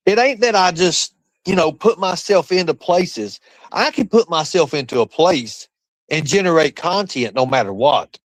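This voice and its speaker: A man's voice: fairly high pitch, no echo, rough recording. Boastful rambling male livestreamer. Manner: boastful, rambling, talks to chat. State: cold. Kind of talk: boastful casual livestream rant.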